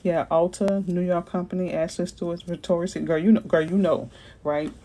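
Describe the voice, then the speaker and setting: A woman realtor from Florida chats with her viewers in an animated, slangy way, answering their comments as she goes. Her voice sits a little low and sounds mellow and warm. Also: fairly quick, poor audio. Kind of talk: casual livestream chat with viewers.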